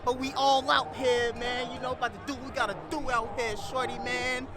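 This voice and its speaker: A young man, a college football player, hyping up the camera with loud, slangy talk while cold outdoors at a football field. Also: extremely high pitch, flat delivery, brisk, music in the background. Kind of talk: hyped-up joking to camera.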